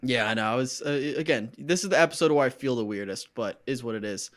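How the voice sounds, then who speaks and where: A man's voice: medium pitch, expressive, quick pace, fairly bright tone. Chatty, joking male podcast host. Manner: chatty, joking, rambling with fillers. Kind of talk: casual podcast chat.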